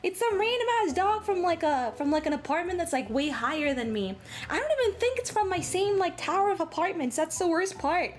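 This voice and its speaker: Woman streamer from Latin America, sore throat, high and bouncy, swears, chats to viewers over faint music. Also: brisk. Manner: animated, swears freely, talks straight to chat. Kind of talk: casual livestream chat. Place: her apartment. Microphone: travel microphone.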